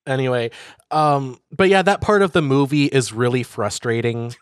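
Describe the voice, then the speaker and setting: Casual male talker, animated riffing, dry close sound, mid pitch. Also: clear, resonant tone, no echo. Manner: animated, riffing with quick put-on voices. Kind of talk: casual podcast chat.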